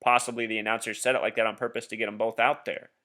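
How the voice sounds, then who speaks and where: A man's voice: fairly low pitch, flat delivery, racing, bright, forceful tone. A man talking casually over a screen share, insistently explaining his theories and addressing the viewer directly. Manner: insistent, conspiratorial; addresses viewer as "Truth Seeker". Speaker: video blogger.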